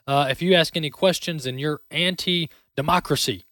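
A man hosting a talk show, giving sarcastic, animated political commentary into a close studio mic. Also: a little high, normal speed, no room sound.

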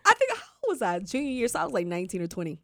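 A woman hosting a faith talk show, telling a personal story in an animated way. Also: mid-range voice, very fast, no echo, studio quality. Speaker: host.

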